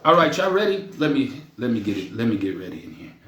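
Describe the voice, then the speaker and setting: Teasing ranting livestream host, echoey room. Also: male voice, mid-range voice, sing-song, quick pace, a bit bright. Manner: joking, teasing, profane. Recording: echoey room, faint noise.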